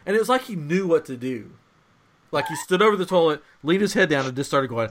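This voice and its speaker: Animated man telling a home story. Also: fairly high pitch, a little fast. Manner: animated, laughing, acts out quotes. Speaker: podcast host. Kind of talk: casual storytelling chat.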